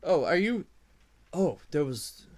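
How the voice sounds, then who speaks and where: A man's voice: fairly high pitch, sing-song, slow. A man voicing a jittery little male kobold lizard-man who frets, pleads and barks orders. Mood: fretful. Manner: fretful, pleading, bossy.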